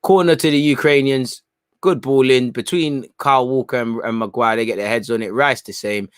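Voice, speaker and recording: A man at a middle pitch talks through a live football match in a casual, opinionated way. He reacts to the play and to his viewers, often ending phrases with "man." His voice is recorded dry and close, with little room sound. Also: steady tone, normal speed, clear, resonant tone, no echo. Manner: reads chat messages aloud and reacts. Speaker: football watchalong host.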